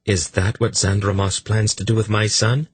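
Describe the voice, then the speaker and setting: A man's voice: on the low side, normal speed, husky. A man doing an anxious young king. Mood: worried. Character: urgent young male king, worried.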